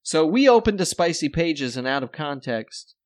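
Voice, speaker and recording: A man's voice: on the high side, big pitch swings, normal speed. A man co-hosting a podcast in casual chat, joking and rambling, often breaking into laughter. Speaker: podcast co-host.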